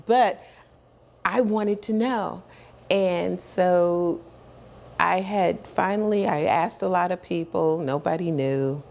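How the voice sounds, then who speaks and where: A woman in her sixties, a guest in an interview, telling her story with animated energy, acting out what others said and often laughing. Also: fairly low pitch, slow pace, gravelly. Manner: animated storyteller who acts out quoted dialogue and repeats words as she builds up.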